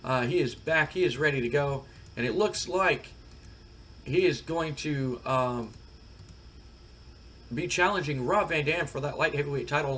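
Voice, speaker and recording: Talking casually through a wrestling management game for his channel, this male gaming video creator rambles and leans heavily on fillers, staying relaxed throughout. His pitch is medium, with a little noise in the background.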